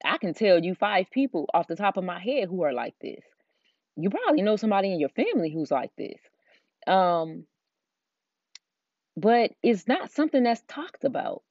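A woman's voice: medium pitch, big pitch swings, normal speed, long pauses, darkish tone, no echo. Chatty Southern woman podcaster. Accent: Southern American. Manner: chatty, rambling, frequent fillers. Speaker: podcast host and Christian life coach. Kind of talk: casual solo podcast talk. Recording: dull, dry lo-fi recording.

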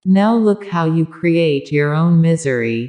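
Low slow woman voice, spiritual talk, calm measured delivery. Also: muffled recording. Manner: measured, addressing listeners directly. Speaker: spiritual speaker. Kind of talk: spiritual discourse.

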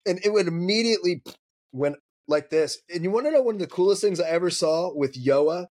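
A man with a fairly high voice, telling dog-training stories on a podcast. He talks casually, swears freely and acts out his anecdotes. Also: fairly quick. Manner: profane, storytelling, animated.

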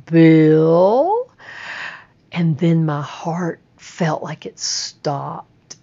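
A woman telling a personal recovery story in a slow, halting way, often repeating words. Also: low-pitched, gravelly, dark tone, breathy edge. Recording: muffled lo-fi recording.

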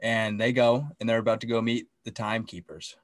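A man co-hosting a podcast, excitedly recapping a TV episode in casual chat, swearing often and acting out the scenes. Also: fairly low pitch, fairly quick, no echo, studio quality. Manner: excitable, profane, acts out scenes. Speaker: podcast co-host.

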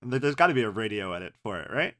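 Lively, laughing male podcast co-host. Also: on the low side. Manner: halting restarts, laughs readily. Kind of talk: casual chat.

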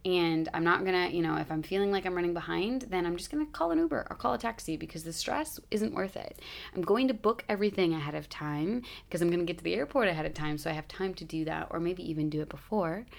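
Low, gravelly-voiced woman rambling casually. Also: fast. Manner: rambling, chatty, lots of "like" fillers. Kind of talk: casual storytelling vlog.

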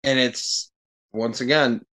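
A man's voice: medium pitch, takes it slowly. A man, a podcast guest, talking in casual chat, profane and getting worked up as he goes. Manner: animated, profane, gets worked up.

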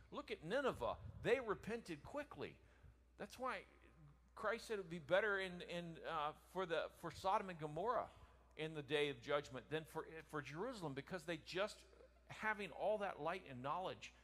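A man teaching a Bible lesson as a sermon, reading scripture slowly and preaching with big swings from loud to soft. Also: on the high side. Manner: reads scripture slowly in King James wording.

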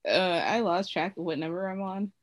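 Woman co-host, low voice, dry close mic, candid and rambling. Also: normal speed, dry recording. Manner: candid, rambling storytelling with many fillers. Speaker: podcast co-host. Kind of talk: casual chat.

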